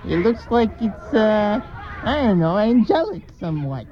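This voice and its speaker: A man's voice: high-pitched, big pitch swings, measured pace, a little hiss or hum. A man voicing a dim, hesitant cartoon sidekick who fumbles for words, in dull lo-fi audio. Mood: fumbling. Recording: dull lo-fi TV audio, faint crowd.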